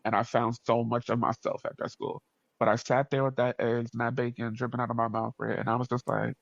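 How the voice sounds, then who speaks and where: A man from New York, speaking with a New York accent, tells a story as a podcast guest with an animated, expressive delivery. He acts out the people in his story, jumping up in pitch and laughing often. His voice sits at an ordinary middle pitch, and the audio is dry and a little dull. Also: quick pace, vocal fry, dry recording. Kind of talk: casual storytelling in conversation.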